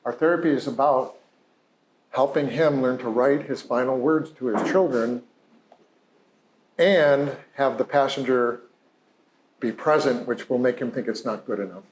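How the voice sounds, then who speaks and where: A man's voice: mid-range voice, a little slow, long pauses, a little hiss or hum. A male psychologist telling a patient's story in a conversational, heartfelt lecture, full of "you know" and "like". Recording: roomy echo.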